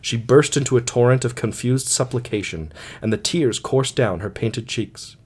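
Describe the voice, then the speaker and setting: A man's voice: medium pitch, moderate pace, darkish tone, husky. Man reading an audiobook. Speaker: audiobook reader. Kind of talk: audiobook narration of a classic story.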